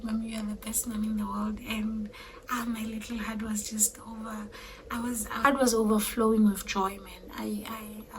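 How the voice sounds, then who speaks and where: A young woman talks straight to her viewers in a loose, chatty vlog, her fairly high voice often sinking into a soft, breathy near-whisper. She circles back over her words and speaks with easy warmth, with a faint hiss of noise behind her. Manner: chatty, repeats herself, warm direct address to viewers. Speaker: vlogger and mother of three. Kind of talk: casual chat to camera.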